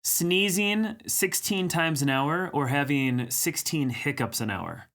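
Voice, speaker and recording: A man's voice: fairly high pitch, lively intonation, takes it slowly, fairly bright tone. A man hosting a livestream, chatting casually, greeting viewers and teasing them as he reads their comments aloud. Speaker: livestream host. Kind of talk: casual live-chat banter.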